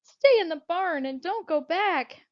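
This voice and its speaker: An anxious young female pigeon from a storybook, as a woman narrator puts her on, her voice lifted well above the reader's own and pleading in a high, breathless way. The recording is dull and lo-fi. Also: expressive, moderate pace. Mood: fearful, pleading.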